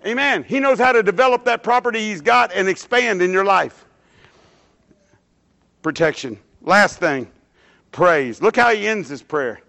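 Male preacher, high-pitched, bright tone; fervent sermon into soft, earnest prayer. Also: expressive, slow pace, vocal fry, long pauses. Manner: fervent, rises loud on quoted scripture, drops soft and low in prayer; casual asides like "dude" and "hey, man". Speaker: preacher leading a church service. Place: church sanctuary with a standing congregation.

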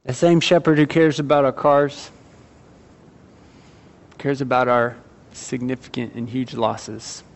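Gravelly pastor reading scripture. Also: male voice, mid-range voice, a little hiss or hum. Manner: reads scripture aloud in a steady, measured way. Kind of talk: sermon.

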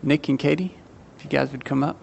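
A man leading a church service as pastor, reading scripture aloud in a steady, measured way. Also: a little high, creaky, muffled recording, slight background noise. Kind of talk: sermon.

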